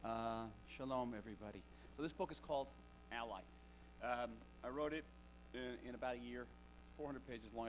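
Wry man giving an animated talk. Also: mid-range voice, slight background noise. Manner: wry, conversational, animated storytelling. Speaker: guest speaker, author. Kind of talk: public talk to an audience. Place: lecture hall with live audience.

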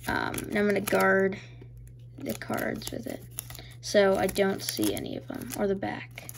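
A woman hosting a casual card-opening video, excitable and stammering, breaking into squeals. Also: medium pitch, slight background noise. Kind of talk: casual pack-opening commentary.

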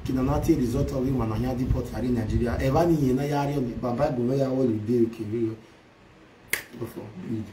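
A man ranting and taunting loudly, switching between Pidgin, Yoruba and Igbo in a social media commentary. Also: mid-range voice, fairly even intonation, fast talker, few pauses, roomy sound, distant mic, noisy background.

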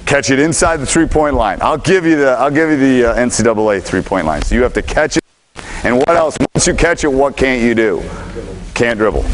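Basketball coach running a gym drill. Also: male voice, medium pitch, animated, slight background noise, rough recording. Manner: instructive, brisk commands mixed with explanation. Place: gym during practice.

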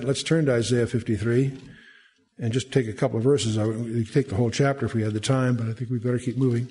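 A man's voice: mid-range voice, darkish tone. A man teaching a verse-by-verse Bible study, reading scripture aloud and then explaining it in a conversational way with frequent restarts.

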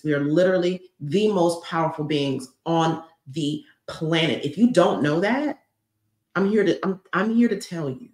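A woman hosting a motivational live stream, talking in an emphatic, lively and outspoken way. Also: lowish voice. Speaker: livestream host. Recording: roomy echo.

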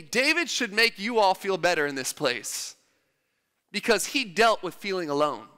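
A man's voice: high-pitched, very animated, moderate pace, bright, forceful tone, clear, resonant tone. A man preaching a sermon in a church, emphatic and repeating his phrases for stress. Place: church hall. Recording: long church-hall reverb.

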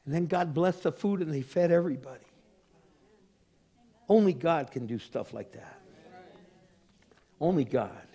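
A man's voice: on the high side, animated, a little slow, pauses often, mellow, slightly rough. An older man, a pastor giving a sermon in a conversational, storytelling way.

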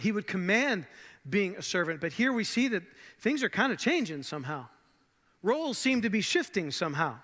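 Bright high-voiced man preaching a sermon. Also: long reverb tail. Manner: dramatic pauses, drops to soft lows on key words; conversational asides. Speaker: pastor. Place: large church hall.

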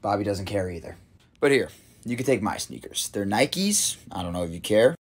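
Man, deep voice, deadpan bored clerk in a sketch. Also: moderate pace. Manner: bored, indifferent. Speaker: shoe store clerk in a comedy sketch.

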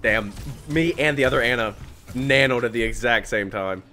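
A young man streaming a team shooter, swearing often and yelling excited callouts to his teammates. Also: medium pitch, moderate pace, soft background music. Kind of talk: live gameplay commentary with team callouts.

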